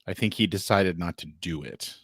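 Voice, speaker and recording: A man's voice: deep voice, moderate pace, no echo, clean studio sound. A man co-hosting a podcast in casual chat, adding wry, skeptical remarks. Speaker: podcast co-host.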